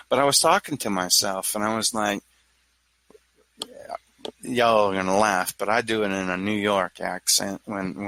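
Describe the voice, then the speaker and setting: Stammering man, forceful voice. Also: fairly low pitch, no echo, poor audio. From Louisiana. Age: 40s. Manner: rambling, stammering restarts, jokey. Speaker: speaker on mental health. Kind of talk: casual talk to an audience.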